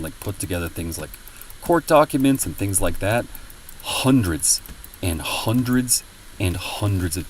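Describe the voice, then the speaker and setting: A man's voice: on the low side, recorded from a distance, a little hiss or hum, rough recording. A man streaming and chatting casually with viewers, rambling with many fillers and a lot of swearing. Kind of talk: casual chat with viewers while gaming.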